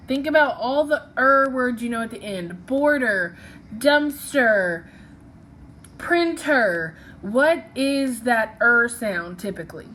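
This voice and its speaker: A woman's voice: on the high side, a bit bright, a little hiss or hum. A woman teaching a phonics lesson, patiently sounding out syllables and letters one by one.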